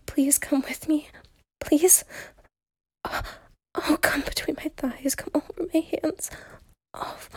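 A woman plays an eager, devoted young secretary in a whispered role-play, pleading in a breathy, intimate hush. Her voice sits high and moves slowly, recorded close and dry with no room around it. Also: no echo.

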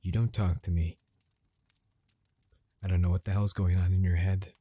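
An actor playing a frustrated husband confronting his wife at dinner, halting and swearing as he grows angrier. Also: low-pitched, flat delivery, slightly rough. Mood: angry. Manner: halting, swearing, escalating to yelling. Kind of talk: improvised dramatic monologue.

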